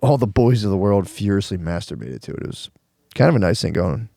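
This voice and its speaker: A man's voice: on the low side, very animated, fairly quick, creaky, mellow, no echo. Joking man on a dry studio mic. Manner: crude, joking. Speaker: podcast co-host. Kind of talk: casual comedic banter.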